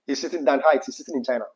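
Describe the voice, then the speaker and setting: A man's voice: medium pitch, low-quality recording. A Ghanaian man with a Ghanaian English accent, co-hosting a casual livestream chat, laughing often and slipping into Pidgin. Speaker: livestream co-host.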